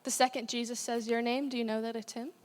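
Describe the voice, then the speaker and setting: A woman's voice: a little high, level tone, fast talker. A young woman giving a casual, chatty sermon as a guest speaker, with many fillers. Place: church hall. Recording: long hall reverb.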